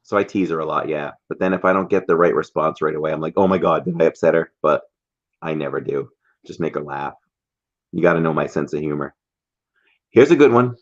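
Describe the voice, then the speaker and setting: Speaking briskly but pausing often, a man with an extremely low voice co-hosts a laid-back livestream. He laughs frequently while telling teasing stories, captured in dull lo-fi sound.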